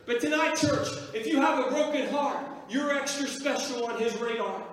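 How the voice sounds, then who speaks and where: A man's voice: extremely high pitch, normal speed, a bit bright. A middle-aged man preaching a sermon as pastor, calling out to the church with repeated questions for agreement. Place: church sanctuary. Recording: echoey hall from far off.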